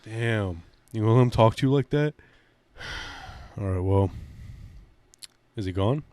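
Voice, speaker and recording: A man with a fairly low voice talks hesitantly on a podcast, stumbling over fillers as he goes. The sound is dry and close to the mic. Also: a little mellow, dry recording. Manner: hesitant, halting, many fillers. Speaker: podcast co-host. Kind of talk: casual chat.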